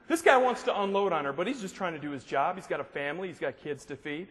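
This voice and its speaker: High-voiced man joking on stage. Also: fast, hardly any pauses. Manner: joking, animated storyteller. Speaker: motivational speaker. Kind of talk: humorous keynote speech. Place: large hall with a live audience. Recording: long hall reverb, faint noise.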